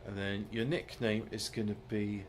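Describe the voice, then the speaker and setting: A man's voice: fairly low pitch, flat delivery, moderate pace, a little hiss or hum. A man giving rambling, joking let's-play commentary, muttering asides and mocking himself as he sets up his game. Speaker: gaming video host.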